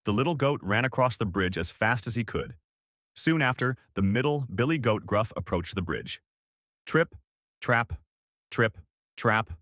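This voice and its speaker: Give me a man reading a bedtime fairy tale with very animated pitch, dramatic and sing-song. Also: normal speed, no echo, studio quality. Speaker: storyteller. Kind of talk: scripted bedtime story narration.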